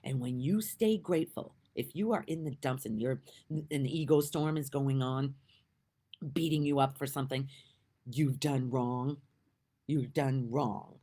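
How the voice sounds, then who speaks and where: Earnest low-voiced woman, husky and lively. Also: moderate pace. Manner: emotional, earnest, swings between soft and emphatic. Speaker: spiritual speaker. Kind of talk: heartfelt inspirational monologue.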